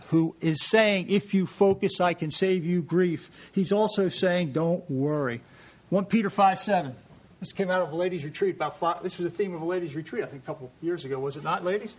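A man preaches with a high, bright-sounding voice, moving between joking asides to his congregation and scripture read aloud. His delivery stays animated and conversational throughout the sermon. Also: normal speed. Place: church sanctuary.

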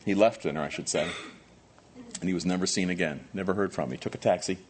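A man preaching a sermon as pastor, animated, moving from quiet asides to loud emphatic questions. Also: low-pitched, quick pace, slightly rough.

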